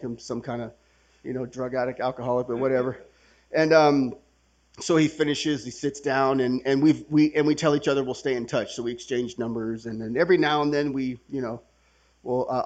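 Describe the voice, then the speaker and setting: A man sharing his recovery story at a workshop in a casual, conversational way, swearing and laughing as he acts out the people in it. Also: medium pitch. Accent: Californian. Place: workshop gathering room.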